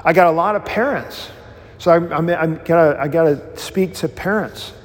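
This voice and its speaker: A pastor teaches a class in a casual, rambling way, breaking into animated storytelling and joking at his own expense. His voice sits a little high for a man, and it carries a long reverb from a large hall. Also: moderate pace. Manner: self-deprecating humor. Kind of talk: informal Bible class teaching.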